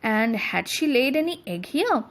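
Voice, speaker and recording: A woman's voice: fairly high pitch, sing-song, unhurried, a bit bright, full character voice. A woman reading as a polite young village wife.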